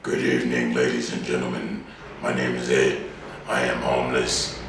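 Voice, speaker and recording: A man imitating a blind homeless man begging on a train, repeating a formal greeting in a slow, ever deeper drone. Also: monotone, gravelly, very echoey, far from the mic, crowd noise. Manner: slow, formal, repetitive sing-song pitch.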